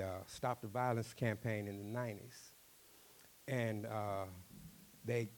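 A man with a Cajun accent, a storyteller talking in an interview, animated and quick, often repeating words. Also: medium pitch.

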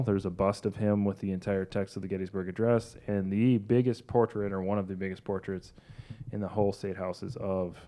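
Low-voiced man chatting casually on a podcast. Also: dark tone. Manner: rambling, self-deprecating, many fillers. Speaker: podcast co-host. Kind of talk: casual chat.

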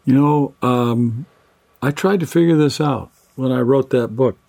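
An older man, a biblical scholar, giving measured conversational answers as an interview guest and listing terms one by one. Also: medium pitch, vocal fry, dark tone.

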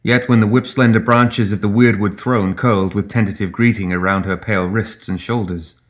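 Guy reading a fantasy audiobook, lowish voice, steady and measured. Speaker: audiobook narrator. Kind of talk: scripted fantasy narration.

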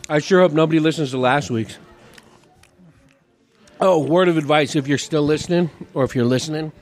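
Laughing, rambling podcast host. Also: male voice, a little high, a little fast, faint music behind. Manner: rambling, self-deprecating, laughs often. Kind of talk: casual chat. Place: bar, indoors.

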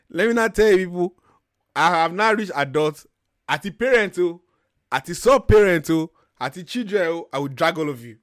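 A man's voice: fairly high pitch, a little fast, no echo, clean studio sound. A young man hosting a talk show, ranting bluntly and profanely in casual chat. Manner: blunt, profane, animated storytelling. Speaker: podcast host. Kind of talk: heated casual rant.

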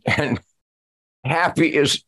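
A man's voice: on the high side, slow, bright, forceful tone. An older man talking emotionally on a podcast, close to tears, listing words in long heartfelt runs. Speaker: musician and show guest.

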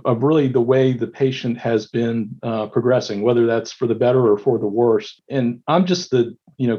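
A man's voice: mid-range voice, a little mellow, lo-fi sound. A male emergency physician telling stories from his shifts, with many restarts and fillers. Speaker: emergency physician, medical director. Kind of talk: recounting stories in a panel discussion.

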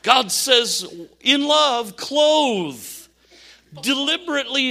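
An older man preaching a sermon, telling animated stories with laughs and asides. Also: high-pitched, a little slow. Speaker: pastor.

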